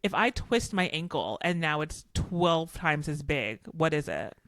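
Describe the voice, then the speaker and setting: A woman's voice: low voice, very animated, measured pace, fairly bright tone. A woman co-hosting a casual comedy podcast, teasing her co-host with playful banter.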